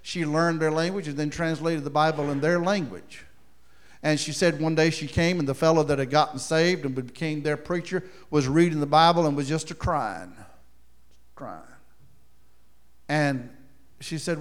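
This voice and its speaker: A man preaching a sermon as pastor, moving between loud emphatic points and quiet, chuckling asides. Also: on the high side, normal speed.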